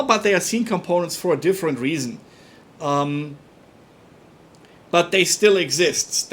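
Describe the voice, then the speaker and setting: A man's voice: a little high, a bit bright, slight background noise. German-accented man thinking aloud while coding. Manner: halting, repeats words, thinks aloud while working. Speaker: livestream programming tutor. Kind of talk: casual live-coding explanation.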